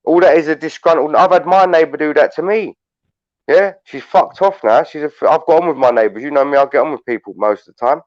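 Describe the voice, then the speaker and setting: A man's voice: on the high side, fast talker, no echo, muffled recording. A man with a London accent who hosts a livestream panel, telling stories in a blunt, sweary rant. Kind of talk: heated casual chat.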